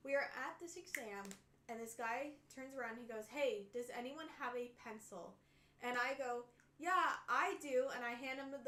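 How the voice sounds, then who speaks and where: A young woman chatting casually while building a model, telling a school story with lively acted-out quotes. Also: fairly high pitch, roomy sound, a little hiss or hum. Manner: animated storytelling, acts out quotes. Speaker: stream co-host.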